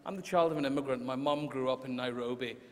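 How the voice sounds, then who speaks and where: A man's voice: mid-range voice, fast. A man hosts a live literary evening from the stage, loose and jokey, with plenty of ums along the way. His voice is a mid-range male voice. A long hall reverb hangs on his words. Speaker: event host. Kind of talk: casual stage hosting. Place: large concert hall on stage.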